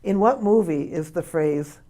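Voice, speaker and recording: A woman's voice: fairly low pitch, a little slow, very noisy. A woman guest on a radio talk show, quizzing the hosts on movie quotes and exclaiming as she laughs along. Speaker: guest, playwright and comedian. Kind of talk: casual radio chat, running a movie quiz.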